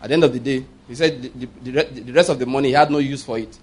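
A man's voice: medium pitch, steady tone, rapid-fire, slightly rough. A man in his fifties preaching a sermon with emphasis, repeating his points and checking that listeners follow.

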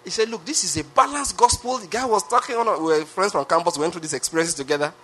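Bright, emphatic preacher man. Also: high-pitched, quick pace, husky. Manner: emphatic preaching with repetition and rhetorical questions. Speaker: pastor. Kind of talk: sermon.

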